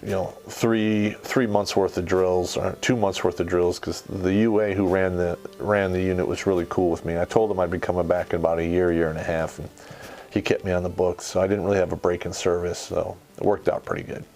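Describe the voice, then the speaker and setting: A middle-aged American man hosts a podcast, telling rough, war-story-style anecdotes in casual, profane talk and laughing at his own tales. His deep, somewhat mellow voice has a flat delivery and moves a little fast.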